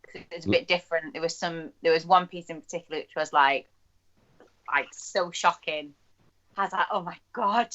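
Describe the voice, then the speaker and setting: A woman's voice: lowish voice, moderate pace, a bit bright. A woman, an actor and singer, chatting casually as a guest, laughing and swearing freely over a dull online call. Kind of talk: casual chat. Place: at home in quarantine.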